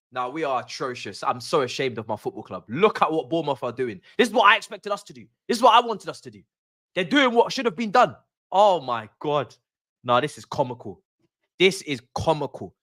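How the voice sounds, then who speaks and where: Ranting young man, animated. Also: a little high, no echo, studio quality. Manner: animated, exasperated, slangy ranting. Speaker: streamer hosting a football watch-along. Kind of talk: live watch-along reaction.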